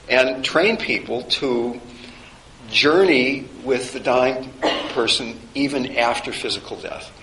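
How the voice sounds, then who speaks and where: A man's voice: medium pitch, a bit bright. A man giving an informal classroom lecture, reflective and conversational with wry humor. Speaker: teacher of a chaplaincy course. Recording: roomy with faint background noise.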